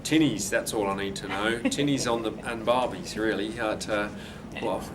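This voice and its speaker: A man's voice: on the low side, normal speed, background noise. A man with an English accent picking up some Australian, answering interview questions casually with lots of ums and laughs. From England. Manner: laughing, hesitant, with many ums.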